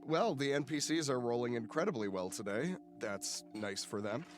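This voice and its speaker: A man's voice: mid-range voice, expressive, moderate pace, faint music behind. A man narrating a tabletop game as game master, casual and swearing freely.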